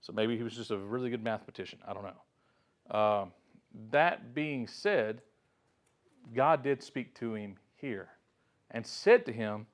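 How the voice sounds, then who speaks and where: A man's voice: mid-range voice, expressive, unhurried, pauses often. Man teaching an informal Bible lesson. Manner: conversational storytelling, acting out quotes.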